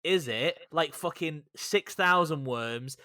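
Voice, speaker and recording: A man co-hosting a casual podcast, swearing freely and jumping into silly voices as he tells his jokes. His voice is bright and forceful. He is recorded close and dry, with no room sound. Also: fairly high pitch, slow pace, dry recording. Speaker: podcast co-host. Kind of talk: casual banter.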